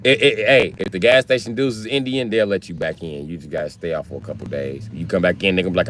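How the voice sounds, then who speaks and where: A man's voice: deep voice, fast talker, few pauses, a little hiss or hum. A man livestreaming from his car on a phone, ranting casually and profanely as he riffs through comedic stories. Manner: profane, animated storytelling. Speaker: live streamer. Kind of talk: casual comedic rant on a live stream. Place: inside a car.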